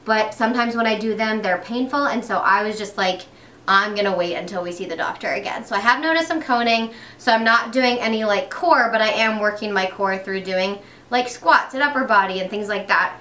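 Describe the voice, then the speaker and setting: A woman's voice: mid-range voice, fairly quick, pushed and bright, reverberant, distant mic. A young pregnant woman chatting casually while doing her makeup, upbeat, with lots of fillers and restarts. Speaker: beauty vlogger.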